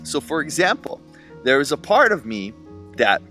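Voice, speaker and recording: Earnest man musing on parenthood, lively pitch. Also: normal speed, soft background music. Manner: earnest, reflective, spiritual self-help tone. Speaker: single dad vlogger. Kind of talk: reflective personal vlog monologue.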